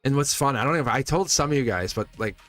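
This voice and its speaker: A man hosts a live tarot reading, talking straight to his viewers in a loose, chatty way. He laughs often and doubles back on his words. His voice sits in an ordinary middle pitch, with faint music playing underneath. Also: lively intonation, fast talker, a bit bright. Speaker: tarot reader, livestream host.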